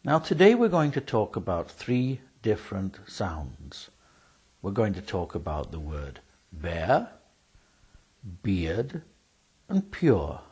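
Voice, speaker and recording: A man's voice: sits low, wildly swooping pitch, slow pace, long pauses, a little mellow, breathy edge, rough recording. A man teaching a spelling lesson, speaking carefully and spelling words out letter by letter.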